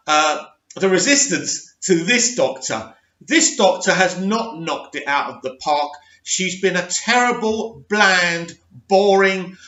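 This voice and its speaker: A man with a high, pushed, bright voice hosts his own channel, reading an article aloud and mocking it in a sarcastic, scornful rant full of laughter. It's ranting reaction commentary, recorded in an echoey room with dull lo-fi sound.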